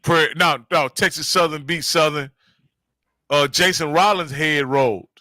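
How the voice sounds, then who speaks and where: Male host, slightly high, bright and forceful voice, emphatic conversational delivery. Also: normal speed, dry recording. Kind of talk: casual sports chat.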